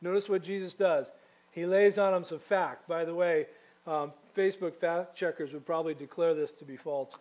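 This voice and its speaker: A pastor preaches at normal speed in a fairly high, slightly mellow voice with fairly even intonation. His sermon feels like a conversation, full of questions for the congregation and casual asides.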